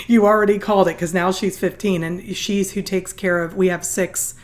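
A middle-aged woman from Southern California, a guest telling an earnest, animated story in an interview. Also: medium pitch, moderate pace, a crowd in the background. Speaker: guest, nonprofit founder.

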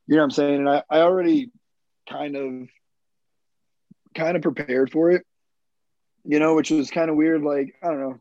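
A man's voice: mid-range voice, creaky, mellow, no room sound. A man in his thirties, a military veteran, telling his own story in a rambling, profane, casual way with plenty of fillers. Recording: dull lo-fi dry recording.

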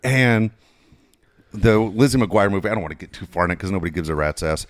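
A man's voice: low-pitched, animated, quick pace. A middle-aged man telling rambling, self-mocking stories in a casual chat, swearing freely. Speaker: podcast co-host and father.

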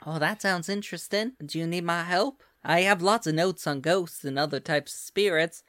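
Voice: mid-range voice, normal speed, fairly bright tone, dry recording, natural voice. Casting: a player doing an eager Southern belle ghost-hunter girl, Southern accent, rambling, dry close mic. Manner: chatty, rambling lecturer.

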